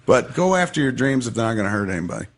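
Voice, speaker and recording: Speaking rapid-fire in a medium pitch, this podcast guest recounts a personal story during a casual chat. He curses freely and animatedly acts out other people's quotes.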